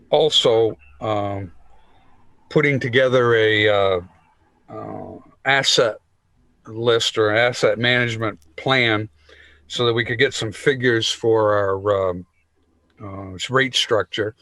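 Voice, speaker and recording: A man chairing a town meeting, speaking in a measured way with many fillers as he moves through the agenda. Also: on the low side, fairly bright tone, dry recording.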